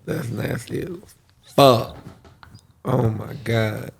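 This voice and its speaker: A man's voice: mid-range voice, steady tone, slow pace, creaky, slight background noise. A man on a casual podcast, mostly reacting with short remarks and swearing freely. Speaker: podcast co-host. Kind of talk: casual chat.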